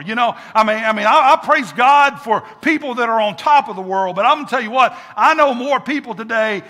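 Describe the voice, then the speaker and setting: A man's voice: very high-pitched, expressive, brisk, hardly any pauses, pushed and bright. A man preaching a sermon as pastor, repeating words for emphasis and leading call and response. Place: church sanctuary with congregation. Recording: echoey church hall.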